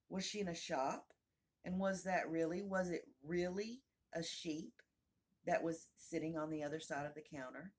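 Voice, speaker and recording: A woman narrating a classic children's storybook aloud in a calm, measured way. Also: lowish voice, husky. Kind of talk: audiobook narration.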